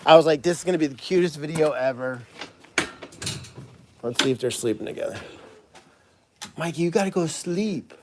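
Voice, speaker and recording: An excitable, chatty man hosts a casual livestream from an animal sanctuary barn. His voice sits a bit high for a man, and he thanks donors by name as he talks. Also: normal speed, pauses often, heavy background noise. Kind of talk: casual live-stream chat.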